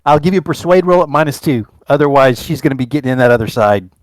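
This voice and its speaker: A man's voice: mid-range voice, animated, fast, dry recording. An American man running a tabletop game as game master, enthusiastic and prone to restarts. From United States.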